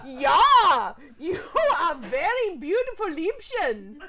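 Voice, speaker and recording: A woman's voice: extremely high pitch, very animated, slow pace, pushed and bright. A woman improv performer repeating lines in a put-on accent during a stage game. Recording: live stage with audience noise.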